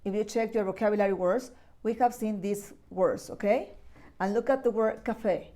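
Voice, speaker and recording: A woman's voice: medium pitch, normal speed, dark tone. A woman teaching English grammar to young children, talking patiently and repeating key words with frequent checks. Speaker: primary school English teacher. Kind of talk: recorded class lesson for children.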